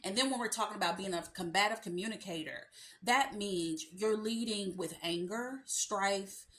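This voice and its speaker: A woman's voice: medium pitch, moderate pace, a bit bright. Sassy woman dating coach talking to camera. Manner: sassy, emphatic, colloquial, addresses viewer as sis. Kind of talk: direct-to-camera advice talk.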